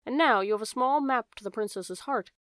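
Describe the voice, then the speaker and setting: A woman narrating a children's audiobook in a gentle way, speaking directly to the reader. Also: on the high side, a little fast, no echo.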